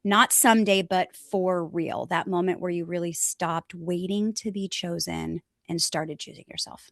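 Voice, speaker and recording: A woman's voice: lowish voice, steady tone, measured pace, vocal fry, dry recording, clean studio sound. A woman hosting a podcast interview, enthusiastic and affirming, often tagging her lines with "right?". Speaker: podcast host.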